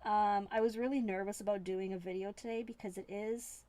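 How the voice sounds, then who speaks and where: A woman's voice: medium pitch, fairly even intonation, fairly quick, warm tone, dry recording. A woman from Canada hosting a live stream, chatting in a rambling, playful, self-mocking way from a desk indoors. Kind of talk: casual live-stream chat.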